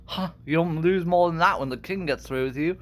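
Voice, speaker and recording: A man's voice: fairly high pitch, normal speed, fairly bright tone, natural voice. A man voicing a fussy, proper male bird advisor who talks in a prim way.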